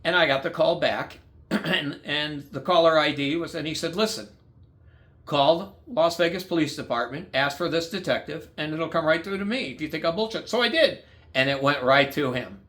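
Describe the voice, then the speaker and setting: A man's voice: fairly high pitch, moderate pace, a bit bright. A man from the United States telling his own story bluntly and angrily, swearing a lot and acting out the dialogue. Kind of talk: angry personal storytelling.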